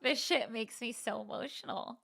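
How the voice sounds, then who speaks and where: A woman's voice: a little high, normal speed, vocal fry, fairly bright tone, no room sound, studio quality. A woman co-hosting a podcast, chatting candidly and reading out a listener email, laughing easily. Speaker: podcast co-host.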